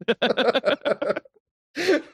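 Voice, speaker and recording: A man's voice: very high-pitched, lively intonation, drawn-out words, husky, dry recording, clean studio sound. A man co-hosting a podcast, chatting casually and joking often. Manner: joking, frequent laughter. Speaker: podcast co-host. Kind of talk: casual film discussion.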